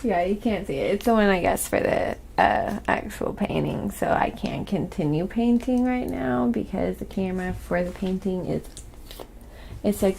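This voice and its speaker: A woman from Oklahoma with a slight Southern accent, chatting softly on a live painting stream and reading viewer comments aloud. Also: mid-range voice, creaky, slight background noise. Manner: reads viewer comments aloud, thanks donors. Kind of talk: soft-spoken ASMR live stream chat.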